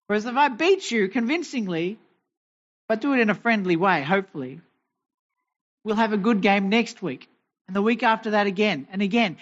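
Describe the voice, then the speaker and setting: A man's voice: high voice, fairly bright tone, lo-fi sound. A man preaching a sermon as pastor, posing rhetorical questions and telling homely family stories. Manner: asks many rhetorical questions; tells homely family anecdotes.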